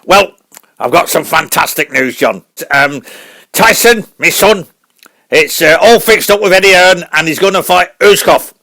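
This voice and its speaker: A man putting on the voice of a gruff, blustering older boxing father, blunt and name-calling in a comedy radio sketch. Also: high voice, a little slow, sharp tone, full character voice. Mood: boastful.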